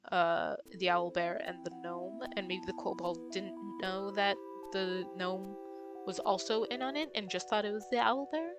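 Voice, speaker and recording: Woman streamer musing aloud, music behind. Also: medium pitch. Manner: muses aloud, hesitant, with many ums. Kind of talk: casual game playthrough, reading aloud and thinking out loud. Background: game music.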